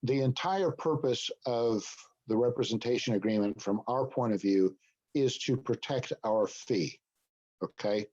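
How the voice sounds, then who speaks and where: A man's voice: mid-range voice, unhurried, a little mellow, dull audio. A man leading a business broker training, explaining points and checking in with "okay?". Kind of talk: training session talk.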